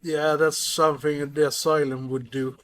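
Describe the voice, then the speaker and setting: Halting man, somewhat high voice. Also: flat delivery. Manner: halting, restarts words. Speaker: podcast co-host. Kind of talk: casual film chat.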